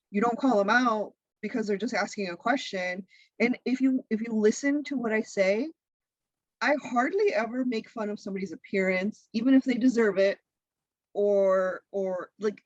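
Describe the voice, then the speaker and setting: A woman guest on a podcast, a content creator and comedian, talking in a blunt, profane, animated way. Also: medium pitch, dry recording, dull audio. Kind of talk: casual interview chat.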